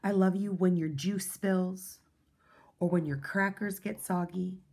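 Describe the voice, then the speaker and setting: A woman reading a children's picture book aloud in a gentle, soothing way. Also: fairly low pitch, steady tone, unhurried. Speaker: storyteller.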